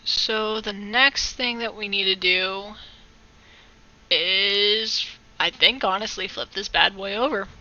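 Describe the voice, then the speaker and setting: A woman's voice: mid-range voice, takes it slowly, sharp tone, highs cut off. A woman giving a casual live-stream tutorial on digital art, rambling, joking and correcting herself as she chats with viewers. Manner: rambling, jokey, self-correcting, talks to chat.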